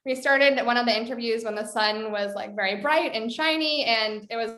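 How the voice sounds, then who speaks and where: A woman's voice: a little high, moderate pace, bright, forceful tone, reverberant. A woman film director telling a story in a casual interview, chatty, with many fillers. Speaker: documentary director.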